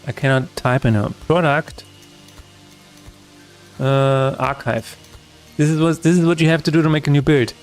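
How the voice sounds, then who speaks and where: A man's voice: fairly high pitch, steady tone, normal speed, pauses often, faint music behind. Chatty man thinking aloud. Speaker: game developer streamer. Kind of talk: live-streamed coding chat.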